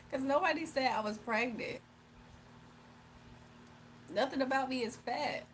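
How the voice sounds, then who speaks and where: A woman's voice: high-pitched, very slow, long pauses, slight background noise. A young woman chatting casually on a livestream, reading chat aloud, laughing often and teasing her viewers. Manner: playful, teasing.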